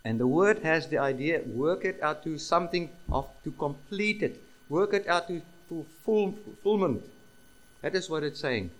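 Emphatic preacher man, slightly high voice. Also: expressive, moderate pace, rough recording. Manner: emphatic, repeats key phrases, asks rhetorical questions. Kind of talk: sermon.

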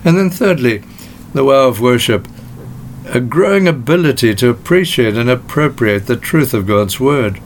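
A man preaching a sermon as pastor, with measured delivery and slowed, emphatic phrases. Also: medium pitch, slight background noise.

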